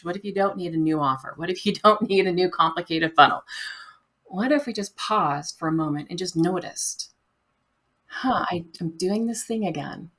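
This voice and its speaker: Gentle, reflective woman guest, fairly low voice. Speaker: podcast guest. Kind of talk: conversational interview.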